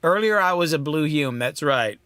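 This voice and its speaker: A man with a fairly high, bright, forceful voice chats loosely on a live stream from his mixing studio. He rambles, thinks out loud and pokes fun at himself, dropping plenty of ums. The sound is close and dry, with no room echo. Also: lively intonation, moderate pace, clear, resonant tone. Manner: rambling, self-deprecating, thinks aloud with many ums. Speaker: mix engineer hosting a live stream. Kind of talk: casual live-stream chat.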